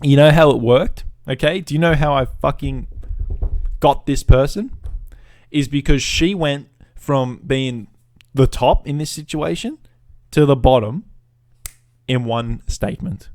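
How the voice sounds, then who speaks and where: A man's voice: mid-range voice, a little slow, darkish tone, no room sound. A man rants into his podcast mic, swearing freely and talking with swagger. His tone is mocking and self-assured, like someone telling a customer story he enjoys. The sound is close and dry, with almost no room around it. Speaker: podcast host. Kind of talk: profane storytelling rant.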